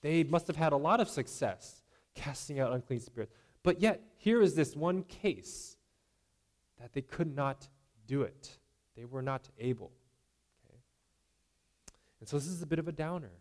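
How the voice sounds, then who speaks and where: A man's voice: fairly high pitch, animated, normal speed, long pauses, darkish tone. A man preaching a sermon in a conversational way, often asking "right?" and acting out the voices of imagined people.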